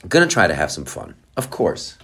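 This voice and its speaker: Lively, rambling male podcast host. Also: low voice, moderate pace. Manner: playful, rambling, goes off on tangents; jokey and excitable, swings between loud bursts and quiet asides. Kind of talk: casual monologue podcast.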